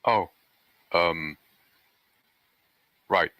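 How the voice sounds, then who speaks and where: Very deep bright voiced guy playing a tabletop game, casual, bit hesitant. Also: drawn-out words. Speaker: player.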